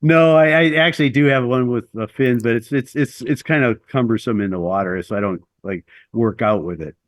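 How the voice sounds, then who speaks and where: A man's voice: medium pitch, brisk, no echo. A middle-aged man telling a long personal story as an interview guest, rambling and self-deprecating with lots of fillers.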